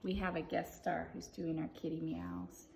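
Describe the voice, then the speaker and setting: A woman's voice: deep voice, little pitch movement, moderate pace, gravelly, a little mellow, a little hiss or hum. A woman teacher reading a storybook to her class, with cheerful, chatty asides to the viewers. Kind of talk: storybook read-aloud.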